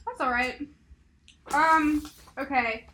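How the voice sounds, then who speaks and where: A woman's voice: sits high, slow, sharp tone, a little hiss or hum. A woman co-hosting a podcast, casually recapping a story with lots of fillers. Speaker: podcast co-host. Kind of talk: casual chat.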